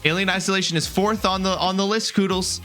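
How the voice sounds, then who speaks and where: A man's voice: high-pitched, steady tone, quick pace, pushed and bright, soft background music. A young adult man live-streaming a game, chatting casually with his viewers, greeting them by name and joking as he trails off mid-sentence.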